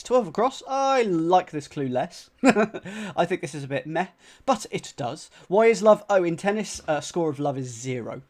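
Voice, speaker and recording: In a high, sing-song voice and at a slightly slow pace, a man from the UK solves a crossword on a live stream. His casual commentary includes thinking aloud, repeating clues, and talking to chat, full of fillers and restarts.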